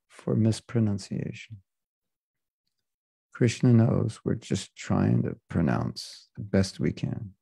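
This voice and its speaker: A man teaching a scripture class in a gravelly, mellow voice. He talks in a loose, joking way and drifts off on side remarks. The sound is dry and close. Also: fairly low pitch, slow pace, dry recording. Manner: casual, joking, digressive. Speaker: spiritual teacher. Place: class in Florida.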